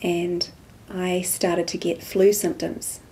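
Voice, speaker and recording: A woman, softly telling a personal spiritual story as an interview guest. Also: fairly low pitch, flat delivery, takes it slowly, a little hiss or hum. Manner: soft-spoken storytelling, acts out quoted dialogue.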